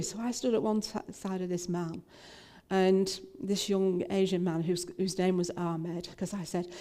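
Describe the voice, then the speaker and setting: A woman's voice: medium pitch, fairly even intonation, unhurried, warm tone. An older woman minister, telling a personal story in a talk, with frequent fillers and restarts.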